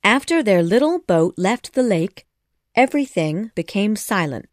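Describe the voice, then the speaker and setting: A woman audiobook narrator reads a scripted storybook slowly and expressively. Her voice sits at medium pitch, recorded with studio quality and no room sound.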